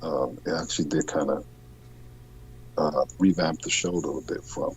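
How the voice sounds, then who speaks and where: A young man calling into a talk show, speaking hushed and hesitant with many ums. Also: extremely low pitch, fairly even intonation, moderate pace, slight background noise, low-quality recording. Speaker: caller guest. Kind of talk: casual call-in chat.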